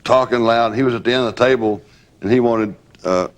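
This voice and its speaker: A man's voice: medium pitch, brisk. An older man, a former bodyguard, reminiscing candidly and acting out quotes as he tells stories, with occasional laughs. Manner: storytelling, acts out quotes, laughs.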